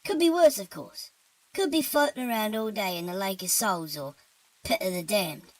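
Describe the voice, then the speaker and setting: A woman's voice: medium pitch, moderate pace, darkish tone, no room sound, lightly acted, rough recording. A woman voicing a weary, easygoing male demon with a British accent who talks about his job in a casual, offhand way. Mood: laid-back. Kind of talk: horror-comedy story narration.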